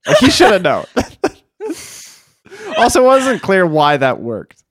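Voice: mid-range voice, wildly swooping pitch, unhurried, dry recording, clean studio sound. A podcast co-host in casual chat about a film, laughing often and swearing while retelling scenes. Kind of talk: casual movie recap chat.

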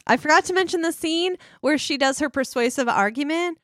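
A woman's voice: sits high, fairly quick, a bit bright, dry recording. Young woman co-host, chatty and giggly, dry close sound. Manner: laughs often, reads plot summary aloud. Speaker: podcast co-host. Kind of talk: casual chat recapping a film.

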